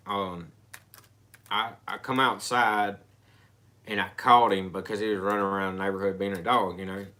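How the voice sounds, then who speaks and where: A man telling a personal story in casual chat, rambling and halting with frequent restarts. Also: on the low side, fairly even intonation, pushed and bright.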